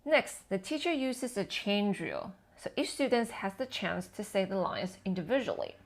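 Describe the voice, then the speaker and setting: Woman teacher, mid-pitched voice, measured, explanatory scripted lesson. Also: animated. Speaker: TESOL educator. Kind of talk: scripted educational narration.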